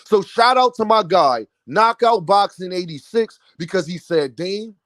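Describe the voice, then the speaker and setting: A man's voice: high voice, expressive, a little slow, fairly bright tone, no room sound. A man giving opinionated boxing commentary, talking emphatically and straight to his viewers.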